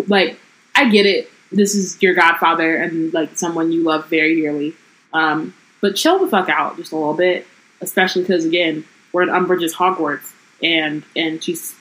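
A woman's voice: low voice, fairly even intonation, normal speed, a bit bright, rough recording. A woman co-hosting a casual book-discussion podcast, reading passages aloud and then riffing on them with frank, profane commentary.

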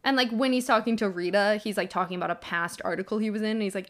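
A woman's voice: medium pitch, fast talker. A young woman on a podcast, talking through a book in a loose, casual way. Her voice sits in the middle range for a woman, and her speech is packed with "like"s and short laughs. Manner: chatty, many "like"s, laughs while retelling scenes. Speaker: podcast co-host.

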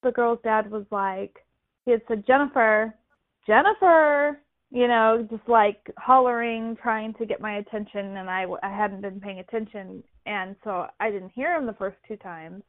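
A woman's voice: mid-range voice, moderate pace. A woman calling in, telling a story in casual chat and acting out the voices she quotes. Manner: animated, acts out quoted voices. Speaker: caller. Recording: tinny phone line.

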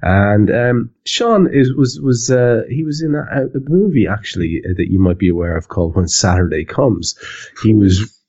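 A man's voice: lowish voice, moderate pace, darkish tone, husky. A man hosting a football podcast in a rambling, casual way with plenty of hesitations. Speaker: podcast host. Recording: dull lo-fi recording.

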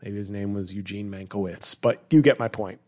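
A man's voice: lowish voice, fairly even intonation, moderate pace, dark tone. A middle-aged male comedian hosting a solo podcast, rambling through a bit he is working on, restarting sentences and slipping into mock voices. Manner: rambling, self-interrupting, puts on mock voices for bits.

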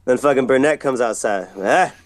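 Laid-back slangy skater dude. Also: male voice, medium pitch, fairly even intonation, brisk, clear, resonant tone, no room sound. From San Diego. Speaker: podcast guest, pro skateboarder. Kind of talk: casual storytelling chat.

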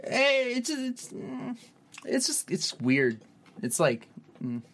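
A man co-hosting a casual podcast, animated, his voice swinging high and low, swearing casually. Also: slow pace. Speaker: podcast co-host. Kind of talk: casual chat.

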